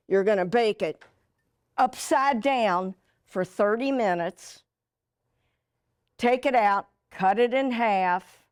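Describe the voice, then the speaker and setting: A woman's voice: mid-range voice, no echo. A middle-aged woman hosting a TV cooking demonstration, chatty and folksy, joking as she works in a studio kitchen. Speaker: TV cooking show host.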